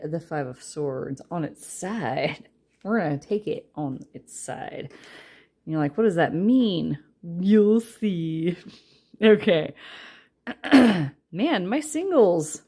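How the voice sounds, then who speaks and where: A woman's voice: sits low, mellow. A woman giving a casual tarot reading, chatty and rambling, with a light Southern drawl that slips in. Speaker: tarot reader.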